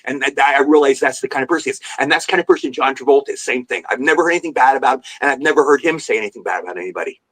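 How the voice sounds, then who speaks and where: An older man, a guest actor on a podcast, telling lively show-business stories and jumping into voices when he quotes people. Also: medium pitch, racing, few pauses. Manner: animated anecdotal storyteller, jumps into voices for quotes. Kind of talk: podcast interview storytelling. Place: remote podcast call.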